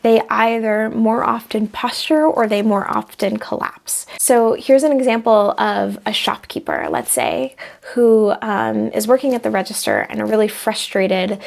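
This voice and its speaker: A woman's voice: fairly high pitch, expressive, a little slow, vocal fry, few pauses. A young woman talking casually to camera, reflective, acting out small example voices as she explains. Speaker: vlogger sharing personal growth advice.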